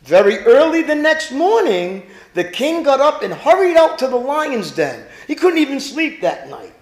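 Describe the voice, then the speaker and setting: High-voiced animated male pastor. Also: normal speed, reverberant. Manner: animated preaching, rhetorical questions to the congregation. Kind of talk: sermon.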